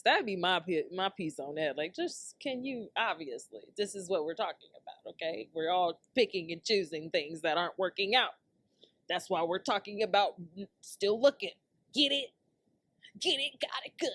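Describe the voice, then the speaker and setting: A woman's voice: on the low side, expressive, moderate pace, no echo. Laughing woman podcaster in a dry room. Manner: loose, joking, slangy and laughing often. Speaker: podcast host. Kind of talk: casual solo rant.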